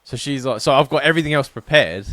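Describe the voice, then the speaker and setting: A man's voice: medium pitch, fast, a bit bright, no echo. A man, a podcast co-host, telling rambling, self-deprecating stories in casual chat.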